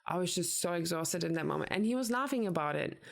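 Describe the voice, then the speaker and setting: A woman's voice: fairly low pitch, quick pace, creaky. A woman co-hosting a podcast, chatting candidly and acting out the lines she quotes. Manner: candid, animated retelling with acted-out quotes. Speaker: podcast co-host. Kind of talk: casual chat.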